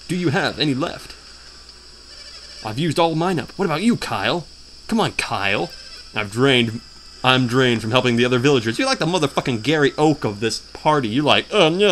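A man's voice: medium pitch, fairly bright tone, a little hiss or hum. A man giving crude, mocking commentary while playing a video game, humming the theme and trying out funny voices. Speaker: let's player. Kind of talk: casual gameplay commentary.

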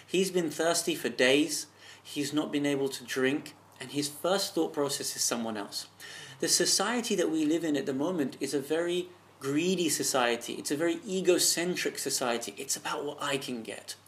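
A man's voice: on the high side, moderate pace. A man giving an earnest, impassioned religious talk, telling a story and asking rhetorical questions. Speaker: religious speaker.

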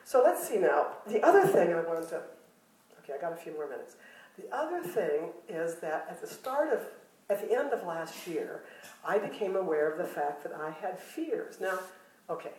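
A woman's voice: on the low side, very animated, moderate pace, a little mellow. An older woman shares personal stories at a retreat, mocking her own failures and breaking into laughter. Her voice reaches the mic from a distance and carries the echo of a roomy hall. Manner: self-deprecating, humorous, laughs often. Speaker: retreat speaker. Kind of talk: personal storytelling talk. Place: retreat meeting room.

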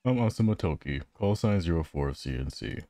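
A man reading as a calm loyal girl bodyguard. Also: deep voice, a little fast, no echo, soft background music. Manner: reading game dialogue aloud.

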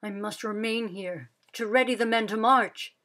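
A woman's voice: a little high, moderate pace, a bit bright, lightly acted. Lady reading as a stern colonel dad, firm, bossy, storybook voice. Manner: firm, commanding. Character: stern father, militia colonel, commanding.

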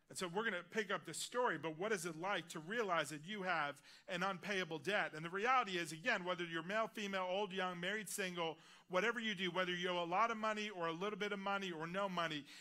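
A man delivers a heartfelt sermon in a church, telling his own story. His voice is bright and forceful and sits slightly high for a man. He drops to a hush on the lines he wants to land. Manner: earnest, personal testimony, drops quiet on key lines. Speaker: guest preacher. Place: large church auditorium.

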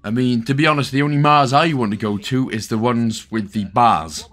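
A man's voice: medium pitch, normal speed, a bit bright, soft background music. A young man with a Welsh accent talking through a game guide, chatty and joking with lots of asides. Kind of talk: casual gameplay commentary.

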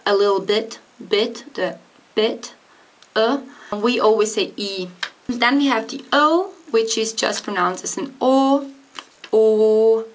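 A woman's voice: a little high, fairly bright tone. A woman giving a casual video lesson on pronunciation, speaking carefully and demonstrating sounds. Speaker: language teacher.

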